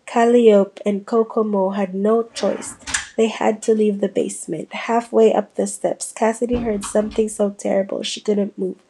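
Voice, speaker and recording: A woman reading a children's ghost storybook aloud, voicing the kids' lines with a lively lift. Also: medium pitch, moderate pace, vocal fry, breathy edge, rough recording. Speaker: audiobook reader. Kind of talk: storybook narration.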